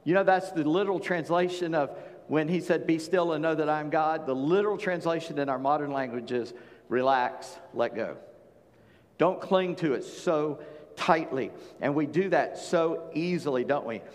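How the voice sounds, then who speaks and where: A pastor from Charleston, South Carolina, preaches a folksy, conversational sermon with plain-spoken asides to his congregation. His voice is a little high, at normal speed, with a long reverb tail.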